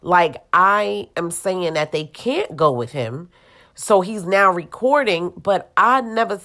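A woman's voice: lowish voice, a bit bright. A mother telling a personal story in a casual, heated way, blunt and full of profanity, with loose fillers like "like" and "you know".

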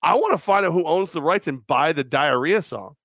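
A man's voice: on the high side, expressive, fairly quick, fairly bright tone, a little hiss or hum. A man co-hosting a casual sports podcast, joking crudely and rambling through stories. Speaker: podcast co-host.

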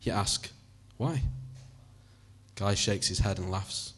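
Husky man reading a story. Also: low-pitched, completely flat delivery, normal speed, pushed and bright. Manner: second-person narration, conversational, swearing. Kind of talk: audiobook reading.

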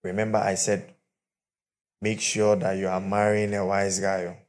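Animated preacher man. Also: low-pitched, moderate pace. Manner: animated, storytelling preaching with pidgin asides. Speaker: pastor. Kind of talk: sermon. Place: church with live and online congregation.

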